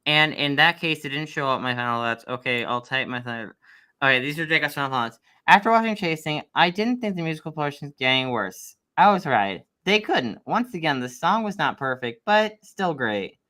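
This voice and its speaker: A man's voice: fairly high pitch, expressive, fairly quick, sharp tone. A young man co-hosting a livestream review, chatting casually and rambling with lots of fillers. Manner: rambling, heavy on fillers, laughs often.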